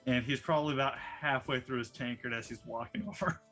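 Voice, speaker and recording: A man playing a tabletop game in a relaxed, easygoing way. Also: medium pitch, a little fast, faint music behind. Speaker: player. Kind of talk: tabletop role-play.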